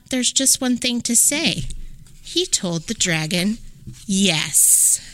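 Slow, expressive storytelling woman. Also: mid-range voice. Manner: rhyming, expressive, sing-song. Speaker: podcast host. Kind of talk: storybook read-aloud.

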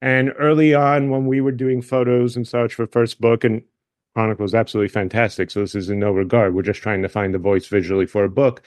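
A man's voice: fairly low pitch, steady tone, a little fast, a little mellow, no echo. A man being interviewed as an author, talking casually and drifting into tangents. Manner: chatty, wanders into tangents. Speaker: author guest.

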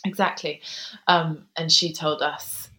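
A woman in her thirties, a guest author telling a personal story in an interview, soft-spoken and hesitant, pausing often with ums. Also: deep voice, little pitch movement, poor audio.

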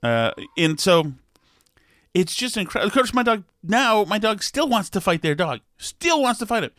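A middle-aged man tells a long, wry story, rambling and exasperated as he goes. His voice sits fairly high for a man. The recording is dry and close, with no room sound. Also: big pitch swings, normal speed, fairly bright tone, dry recording. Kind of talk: casual monologue.

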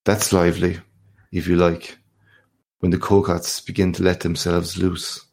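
A man voicing a hearty, swaggering journalist in a storybook reading, gravelly and expansive. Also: low voice, completely flat delivery, unhurried, darkish tone, full character voice. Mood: boastful. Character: boastful worldly Irish journalist, man, middle-aged.

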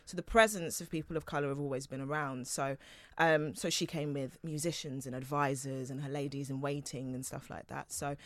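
A woman, an actress, talking as a guest in a casual interview, animated and quick to laugh. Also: deep voice, no room sound.

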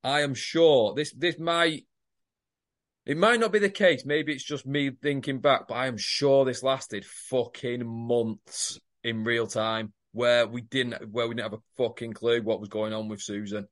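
A man's voice: mid-range voice, fairly even intonation, measured pace, a bit bright, dry recording, studio quality. A man chatting on a podcast, blunt, sweary and teasing his co-host. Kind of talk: casual chat.

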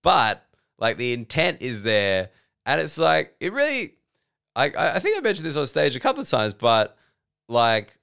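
A man's voice: mid-range voice, sing-song, moderate pace, creaky, a bit bright, clean tone. A man with an Australian accent, a comedian hosting a solo podcast, rambling and self-deprecating, swearing freely. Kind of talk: solo casual podcast monologue.

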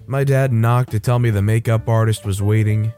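A man reading a first-person reader story aloud as a storytime narrator, in a steady, even manner. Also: on the low side, moderate pace, faint music behind.

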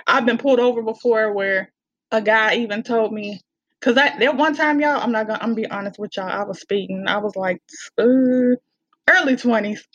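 A woman, a guest in a casual podcast chat, telling stories with lively energy and frequent laughter. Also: fairly high pitch, moderate pace, dry recording. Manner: animated storyteller, laughs often. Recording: dull lo-fi sound.

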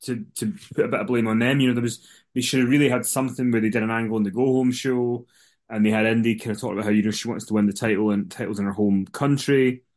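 A man's voice: lowish voice, steady tone, fast, a little mellow. A man co-hosting a wrestling podcast in casual chat, rambling, with frequent restarts. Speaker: podcast co-host.

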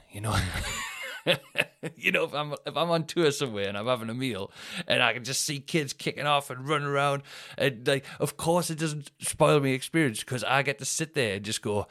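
A man's voice: mid-range voice, fairly quick, a bit bright, dry recording, clean studio sound. A man, a comedian chatting alone on his podcast in a rambling, self-mocking way with plenty of swearing. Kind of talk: casual solo podcast chat.

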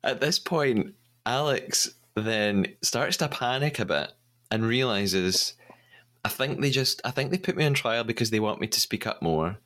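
A man's voice: fairly low pitch, lively intonation, moderate pace, fairly bright tone. A man hosting a podcast, recapping episodes in a chatty, storytelling way and laughing often. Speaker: podcast host.

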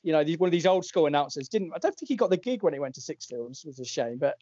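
A man hosts a relaxed chat in a wry, rambling way, correcting himself as he goes. His voice sits a little high. The recording is dry and a bit muffled. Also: racing, dry recording. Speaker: podcast host. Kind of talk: casual chat. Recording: dull lo-fi, dry.

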